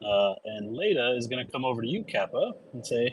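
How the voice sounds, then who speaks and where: A man narrating a tabletop game as its game master, in a relaxed, casual way. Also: mid-range voice, a little fast, a little hiss or hum, rough recording.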